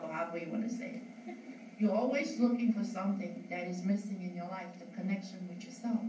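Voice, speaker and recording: A woman's voice: mid-range voice, mellow. Rambling middle-aged woman, distant and echoey. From US East Coast. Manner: rambling, with frequent restarts. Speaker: yoga school founder giving a tribute. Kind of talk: heartfelt speech to an audience. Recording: echoey room, distant mic, noisy.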